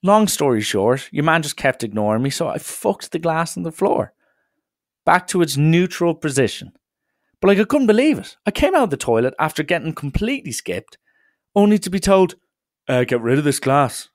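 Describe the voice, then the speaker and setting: A young man hosting a solo comedy podcast, telling stories in an animated way with swearing and acted-out dialogue. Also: fairly high pitch, moderate pace, no echo, clean studio sound. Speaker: podcast host.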